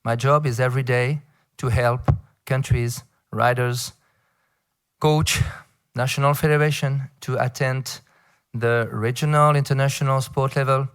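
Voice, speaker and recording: French-accented man giving a halting conference speech. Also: mid-range voice, fairly even intonation, a bit bright, clear, resonant tone. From France. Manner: halting, many fillers and restarts, playful asides. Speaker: federation director addressing a round table.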